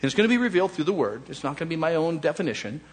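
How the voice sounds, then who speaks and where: A man preaching a conversational sermon, acting out imagined prayers and excuses, shifting between soft low murmurs and raised emphatic phrases. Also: sing-song, racing, breathy edge. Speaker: pastor.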